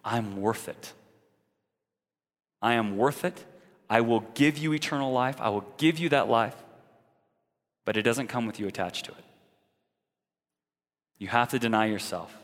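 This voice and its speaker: A man's voice: mid-range voice, a bit bright, big-room sound. A man preaching a sermon in an earnest, direct way, now and then mocking the views he argues against.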